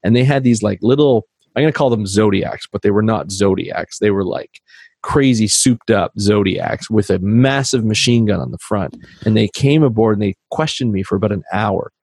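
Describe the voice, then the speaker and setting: A man from Canada telling stories in casual conversation as a podcast guest, animated and acting out the dialogue he quotes. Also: fairly low pitch, normal speed, creaky, slightly rough, no echo. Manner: animated storyteller who acts out quoted dialogue. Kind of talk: casual storytelling chat.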